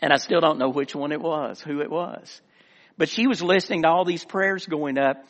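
A man's voice: on the high side, moderate pace. Earnest preacher man in a reverberant hall. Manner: earnest preaching, swelling emphasis and quiet asides. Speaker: director of missions, former pastor. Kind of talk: sermon.

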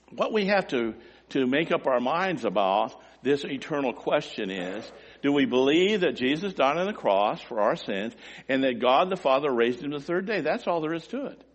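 A man preaching a sermon with emotional, emphatic delivery, swinging from loud, high-pitched emphasis down to quiet, low asides. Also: big-room sound.

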